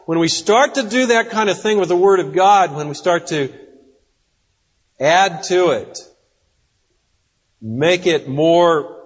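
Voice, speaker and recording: A man preaching a sermon in a deliberate, emphatic way, acting out the quotes he reads. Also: fairly high pitch, slightly rough. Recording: dull audio with long reverb in a hall.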